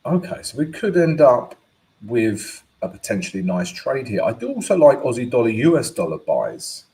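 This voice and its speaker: A man hosts a live trading stream in a warm, mid-range voice with huge pitch swings, at a moderate pace, over a low-quality recording. Chatty and upbeat, he thinks aloud with fillers and tag questions while walking through charts and greeting viewers by name in casual market commentary.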